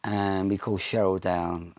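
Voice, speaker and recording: Low-voiced Irish-born man telling stories. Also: little pitch movement, normal speed, darkish tone. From Ireland. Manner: chatty anecdotes, frequent ums and restarts. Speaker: interview guest, pop singer. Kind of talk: casual interview storytelling.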